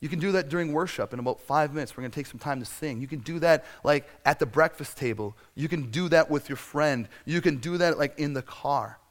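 Man, preacher, delivering a lively conversational sermon, voice on the higher side, acts out stories with shouts. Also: brisk, few pauses. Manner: animated storytelling, acting out scenes with loud shouts; conversational and self-deprecating, with frequent fillers. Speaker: pastor.

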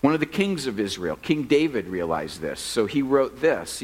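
A man preaching a sermon as pastor at a church service, conversational and self-deprecating, joking with the congregation and turning earnest and quiet in prayer. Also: medium pitch, very animated, normal speed, hardly any pauses, poor audio.

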